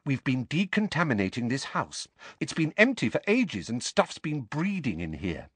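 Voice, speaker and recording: A man reading aloud, voicing an earnest teenage girl who explains things in a hurried, apologetic way. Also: mid-range voice, very animated, fairly bright tone, slightly rough, dry recording, voice pushed up. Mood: hasty.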